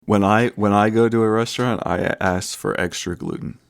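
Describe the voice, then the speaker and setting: A man's voice: on the low side, fairly even intonation, moderate pace, creaky. A man co-hosting a podcast in casual chat, dry and teasing in an easygoing way. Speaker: podcast co-host.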